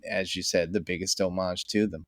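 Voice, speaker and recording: A man's voice: low-pitched, level tone, fairly quick, fairly bright tone, no room sound, studio quality. Chatty laughing middle-aged man. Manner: enthusiastic, laughs often, rambling. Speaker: podcast guest. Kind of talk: casual conversation.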